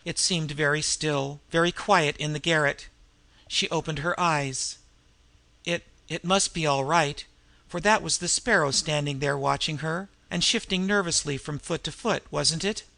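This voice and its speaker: A man reading a novel aloud in measured storytelling narration. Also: a little high, vocal fry, pushed and bright, dry recording. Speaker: audiobook narrator. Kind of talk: scripted narration.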